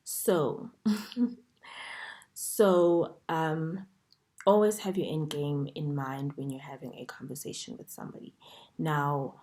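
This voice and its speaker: Low, mellow woman coaching casually. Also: fairly even intonation, slow pace, pauses often. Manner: chatty, many fillers and "okay?" checks. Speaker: dating coach. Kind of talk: online masterclass lecture.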